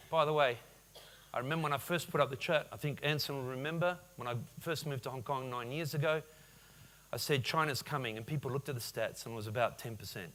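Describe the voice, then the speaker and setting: A man in his forties giving a lively business keynote at a conference, often firing questions at the audience. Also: mid-range voice. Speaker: conference speaker. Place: conference hall.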